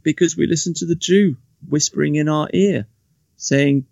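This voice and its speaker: A man's voice: a little high, moderate pace, gravelly, darkish tone, no room sound. A man talking in casual podcast chat, rambling with many restarts and mocking asides. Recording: dull, lo-fi, dry sound.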